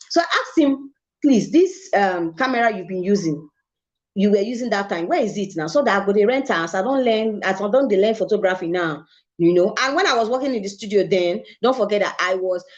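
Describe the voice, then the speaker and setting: Young Nigerian woman, guest photographer telling her story, expressive and lively, mid-pitched voice, slightly muffled audio. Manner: animated storytelling with Pidgin phrases and bursts of laughter. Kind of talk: storytelling interview.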